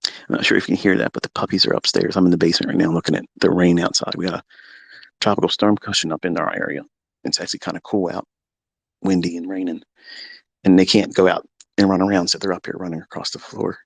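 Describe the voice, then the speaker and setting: A man's voice: level tone, quick pace, gravelly, no echo. Profane, combative middle-aged man ranting. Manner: profane, combative, swings from low musing to shouting. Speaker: trading mentor. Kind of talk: unscripted rant to listeners. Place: home basement.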